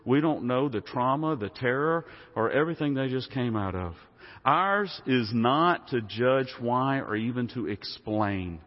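Male pastor, conversational sermon delivery, mid pitch, muffled church recording with long reverb. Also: animated, a little slow. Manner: conversational preaching, asks the congregation questions.

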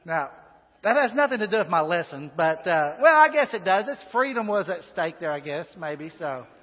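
A man's voice: high-pitched, big pitch swings, normal speed, breathy edge. A man preaching a sermon in a church, folksy and chatty, with asides and fillers. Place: church sanctuary. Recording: dull sound with long hall reverb.

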